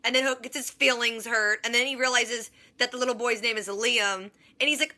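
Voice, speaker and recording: A woman's voice: fairly high pitch, fairly quick, few pauses, sharp tone. A woman vlogger recapping a TV episode in a casual, sarcastic, chatty way, full of "like". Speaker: TV reaction vlogger.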